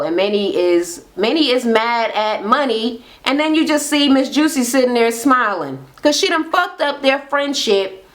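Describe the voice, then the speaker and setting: A high-pitched woman talks through a reality show episode in a casual vlog. She is blunt and chatty, swears freely, and jumps up in pitch to act out what the cast said. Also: a bit bright. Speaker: reality TV recap YouTuber.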